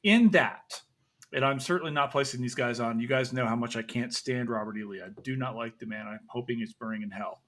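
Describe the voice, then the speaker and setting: A man's voice: medium pitch, brisk, fairly bright tone. A man from the American South hosting a casual podcast discussion, blunt and emphatic in his opinions.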